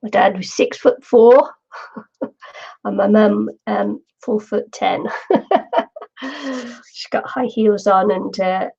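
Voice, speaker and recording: A woman's voice: mid-range voice, takes it slowly, gravelly, pauses often, darkish tone, husky, muffled recording. A middle-aged woman from the UK, chatting casually and rambling while she crafts, laughing often. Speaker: craft vlogger.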